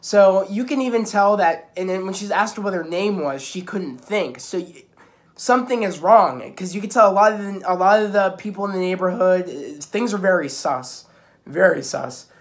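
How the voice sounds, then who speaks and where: A man's voice: high voice, normal speed. A young man giving a casual spoken recap of a TV episode, rambling with many restarts and filler words. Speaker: video reviewer.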